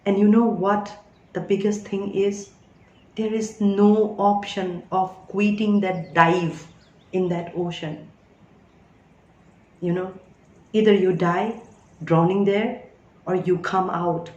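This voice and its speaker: A woman's voice: mid-range voice, level tone, slow pace, long pauses, darkish tone, echoey room, dull audio, slight background noise. A woman giving an earnest spiritual teaching talk as a reader, often asking listeners whether they follow her.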